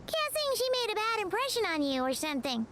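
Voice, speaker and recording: A squeaky, chirpy little fairy. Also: female voice, big pitch swings, fast talker, a bit bright, a little hiss or hum, heavily acted. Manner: chatty, cheeky. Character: tiny chirpy female fairy companion. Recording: game music underneath.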